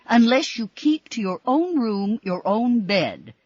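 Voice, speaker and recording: A woman's voice: mid-range voice, huge pitch swings, measured pace, breathy edge, no echo, muffled recording, voice pushed up, exaggerated voice. A woman voicing a querulous, bitter elderly woman patient who complains and accuses. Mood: angry. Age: older.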